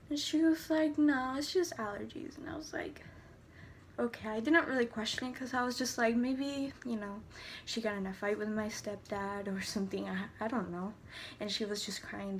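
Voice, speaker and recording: A woman's voice: fairly high pitch, slight background noise. A teenage girl telling a personal story to camera in a casual, rambling way, full of fillers and restarts. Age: teens. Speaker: vlogger.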